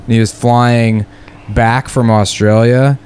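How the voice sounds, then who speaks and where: A man co-hosting a comedy podcast, trading wry, deadpan jokes in casual banter. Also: medium pitch, slow pace, slight background noise. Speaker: podcast co-host.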